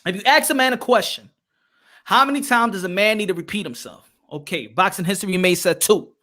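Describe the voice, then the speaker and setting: A man's voice: high voice, animated, brisk, bright, forceful tone. A man hosting a casual livestream podcast, talking animatedly, repeating phrases and calling out to his chat. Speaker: podcast host.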